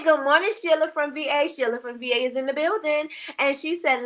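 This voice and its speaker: A middle-aged woman hosting a casual livestream chat, animated, greeting viewers by name and laughing often. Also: on the high side. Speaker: livestream host.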